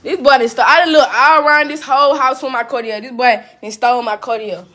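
High-voiced woman ranting on a live stream. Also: fast talker, few pauses, a bit bright. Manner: heated, profane, repeats herself, laughs between jabs. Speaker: livestreamer. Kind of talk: casual live-stream rant. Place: indoors at home. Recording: echoey room.

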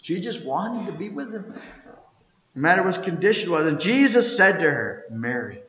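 Male pastor, storytelling sermon, higher voice, long church reverb. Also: expressive, moderate pace, lo-fi sound. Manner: storytelling, reading scripture aloud with sudden swings from loud to hushed. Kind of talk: Easter sermon. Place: church sanctuary.

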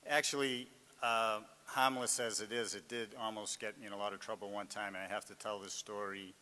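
A man's voice: on the low side, level tone, a little fast, bright, forceful tone, in a large hall. A man with a Boston accent, an author speaking earnestly and restarting his sentences often as he reflects on his life and addresses students. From Greater Boston.

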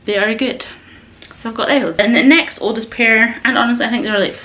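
A woman's voice: on the high side, fairly even intonation, a little fast, a bit bright. Young girl doing a haul vlog, chatty and keen, bit out of breath. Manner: chatty, rambling and enthusiastic. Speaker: vlogger. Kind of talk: casual gym wear haul chat.

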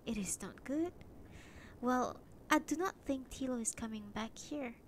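A proud, quick-tempered middle-aged woman, put on by a woman reading a story aloud, speaks in formal, measured phrases. Her voice sits a little high. A faint low rumble runs underneath. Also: close to an everyday voice. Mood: wistful.

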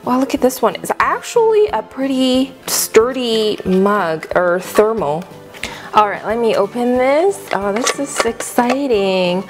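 A woman hosting an unboxing video, gushing excitedly with frequent gasps and exclamations. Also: fairly high pitch, a little slow, faint music behind. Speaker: unboxing channel host. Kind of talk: casual unboxing review.

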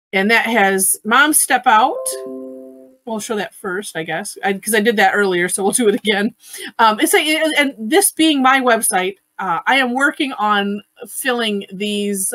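Chatty and giggly with frequent fillers and restarts, an online art class host teaches drawing casually over a video call in a medium-pitched, fairly bright voice, recorded with no room sound.

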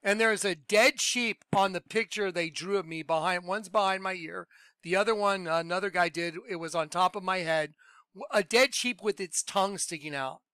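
High, bright-voiced excitable man. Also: smooth, dry recording. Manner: emphatic, excitable, repeats points. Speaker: Christian video host. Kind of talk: excited religious commentary.

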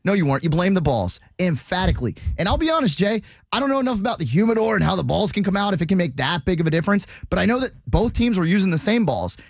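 A man's voice: sits high, very animated, quick pace, gravelly, few pauses, dry recording, studio quality. A male sports radio co-host giving blunt, exasperated and sarcastic commentary. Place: radio studio.

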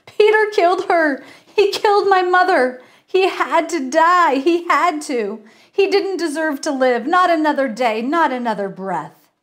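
A woman's voice: high-pitched, animated, a little slow, voice pushed up. A woman reading aloud and voicing a grieving grown son in a mystery story, screaming and sobbing his accusations. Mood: sobbing rant.

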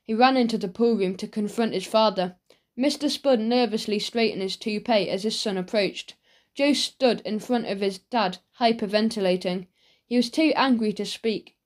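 A woman narrating a children's audiobook with expressive storytelling. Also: medium pitch, normal speed. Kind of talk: scripted narration of a children's book.

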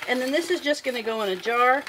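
A woman's voice: high-pitched, quick pace, noisy background. A woman hosting her own cooking channel, chatting in a friendly way as she explains each step of a recipe in her home kitchen. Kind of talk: casual cooking demonstration.

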